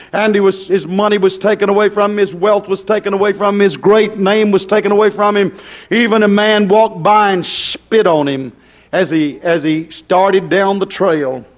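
A middle-aged man preaching a fiery sermon of warning, repeating his points and swinging up and down in pitch. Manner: warning, repetitive, rises and drops in pitch.

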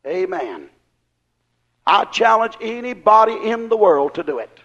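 A man preaching a sermon in a fervent, folksy way, firing rhetorical questions at the congregation and rising into shouts. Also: high voice, sing-song, a little slow, dull audio. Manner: acts out quoted people in voices.

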